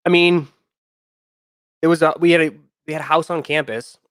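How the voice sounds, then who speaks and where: A man's voice: fairly high pitch, steady tone, moderate pace, fairly bright tone, no room sound. Young guy rambling thru a story on his stream, lots of likes and ums, dry close sound. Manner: rambling, loose, lots of fillers and restarts. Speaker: sneaker channel host.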